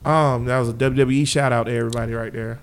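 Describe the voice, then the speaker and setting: A man's voice: medium pitch, fairly even intonation, quick pace, a little hiss or hum. A man hosting a podcast, talking in loose, joking banter and laughing often. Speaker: podcast host.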